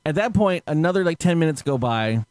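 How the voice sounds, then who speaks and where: A man tells a story on a podcast in a casual chat, laughing as he goes and acting out the people he quotes. His voice is lively and swings widely in pitch, a little higher than most men's. The sound is dry and close. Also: a little fast, dry recording. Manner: animated, laughing, acts out quotes loudly.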